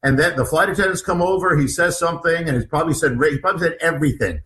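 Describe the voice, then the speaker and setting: A man's voice: on the high side, very fast, fairly bright tone, low-quality recording. A male author being interviewed, recounting an ordeal in vivid detail, often restarting and repeating his words. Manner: vivid, acts out what others said. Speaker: author guest. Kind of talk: animated interview storytelling.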